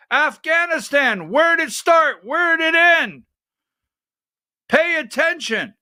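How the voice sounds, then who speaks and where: A middle-aged man hosting a political commentary livestream, ranting with fiery profanity and shouted outbursts. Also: very high voice, dry recording, clean studio sound. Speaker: political commentary show host.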